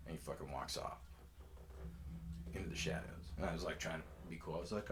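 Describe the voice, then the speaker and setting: Low-voiced rambling man telling stories. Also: brisk, pauses often, slight background noise. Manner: rambling, profane, laid-back. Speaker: storyteller. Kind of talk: casual storytime.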